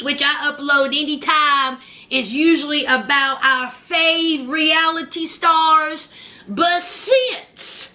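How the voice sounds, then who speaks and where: A woman vlogger giving loud, animated gossip commentary and calling viewers child and honey. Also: high-pitched.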